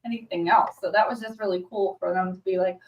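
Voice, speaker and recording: A woman co-hosting a casual chat show, telling her stories in a gushing, animated way. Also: medium pitch, fast talker, distant mic, poor audio. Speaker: co-host.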